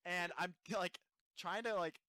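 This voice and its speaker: A man's voice: high-pitched, fairly even intonation, measured pace, sharp tone, clean tone, no room sound, low-quality recording. Young male co-host, self-deprecating storyteller, mid-range voice, dry close sound. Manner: laughs often, self-deprecating. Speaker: podcast co-host. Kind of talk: casual storytelling chat.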